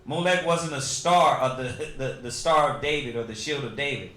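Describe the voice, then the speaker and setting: A man's voice: medium pitch, moderate pace, pushed and bright, echoey room. A man teaching scripture in a loose, joking way, with street slang. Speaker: Bible study teacher.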